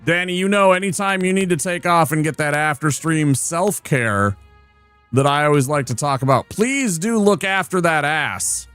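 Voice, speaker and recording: A man's voice: a little high, moderate pace, a bit bright, smooth, no echo, soft background music. A man streaming and commenting on a game in a playful, teasing, chatty manner. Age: adult. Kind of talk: casual gameplay commentary.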